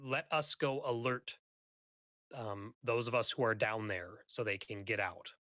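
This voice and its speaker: A man's voice: mid-range voice, a little slow, bright, forceful tone. A man playing a wary male guard of a mercenary company, who speaks in a plain, reasonable, conciliatory way. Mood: calm.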